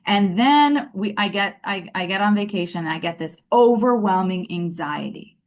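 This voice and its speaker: A woman in her thirties telling her love story in a casual interview, animated and acting out what people said, with lots of fillers. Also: mid-range voice, moderate pace. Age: 30s. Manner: animated, acts out quoted dialogue, many fillers.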